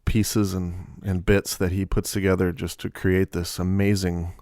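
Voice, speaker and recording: A man's voice: low-pitched, flat delivery, unhurried, noisy background. A man chatting casually on a podcast as a guest musician, wry and joking in a laid-back way. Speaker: bass player and podcast regular. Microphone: podcast microphone.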